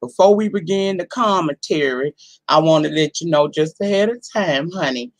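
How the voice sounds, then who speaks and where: A hoarse woman in her forties chats to her live-stream audience from home, her voice roughened by a cold. She talks in a sassy, salty, familiar way, calling her viewers honey and girl, recorded on a simple home setup. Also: low voice, moderate pace. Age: 40s. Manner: sassy, profane, talks straight to the chat. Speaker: livestream host. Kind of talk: casual live-stream chat.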